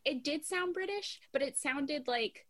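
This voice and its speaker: A woman's voice: high-pitched, unhurried, crowd noise. A young woman co-hosting a podcast, chatting animatedly about a TV show and often breaking off mid-thought. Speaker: podcast co-host. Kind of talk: casual chat about a TV show.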